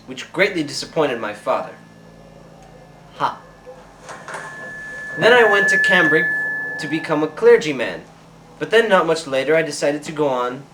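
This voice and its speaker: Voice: medium pitch, fairly bright tone. A performer playing an earnest, rambling male Victorian naturalist in an amateur comedy skit, now and then slipping into a mock Australian twang. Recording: distant home video, faint hiss.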